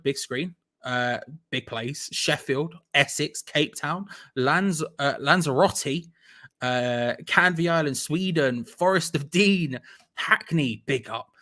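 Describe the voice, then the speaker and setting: Young guy on a live stream, bright forward voice, rattling off shout-outs to viewers. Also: fairly high pitch. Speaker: host of a live watch-along stream. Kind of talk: casual live-stream chat reading viewer comments.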